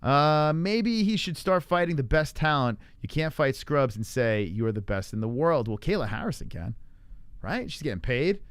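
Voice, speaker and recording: A man's voice: a little high, big pitch swings, moderate pace, clear, resonant tone, no echo. Profane, rambling man hosting a live MMA stream. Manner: loose, profane, rambling with frequent fillers. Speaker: livestream MMA show host. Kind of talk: casual live-stream chat reading viewer comments. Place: home in Arizona.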